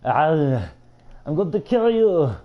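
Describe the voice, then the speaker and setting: A man in his twenties doing a loud, threatening impression of an action-movie hero. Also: a little high, big pitch swings, slow pace, muffled recording, pitched above the performer's own voice. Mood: menacing. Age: 20s.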